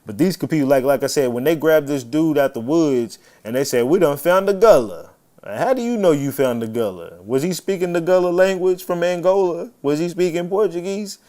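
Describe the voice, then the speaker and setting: A man's voice: a little high, expressive, a little fast, few pauses, dark tone. A man hosting a live stream, chatting casually and swearing freely, greeting viewers by name. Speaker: livestream host.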